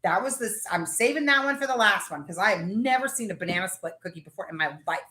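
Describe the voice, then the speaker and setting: Excitable chatty woman, lively pitch. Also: fast talker, roomy sound. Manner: excitable, chatty, gushing about food. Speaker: livestream host. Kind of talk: casual live chat.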